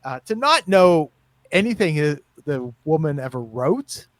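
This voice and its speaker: A man's voice: a little high, big pitch swings, unhurried, dry recording. Chatty man with a dry close sound. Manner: rambling, searching for words with many fillers. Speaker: podcast co-host. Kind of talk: casual chat.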